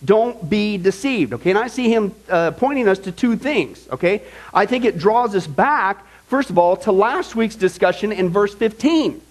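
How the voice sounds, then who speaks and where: Male pastor, higher register, emphatic conversational Bible teacher who checks in constantly. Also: animated, normal speed. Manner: emphatic, checks in with the audience, frequent "okay?".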